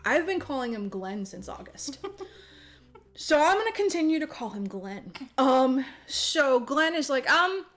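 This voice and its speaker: A woman's voice: high voice, big pitch swings, a little slow, faint music behind. A young woman on a podcast, casually and profanely recapping a movie, laughing often and acting out the characters' lines. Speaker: podcast co-host.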